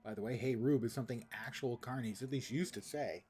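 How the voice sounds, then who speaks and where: A man's voice: mid-range voice, brisk, a little mellow, husky. A man streaming a video game, making wry, joking asides in casual gameplay commentary.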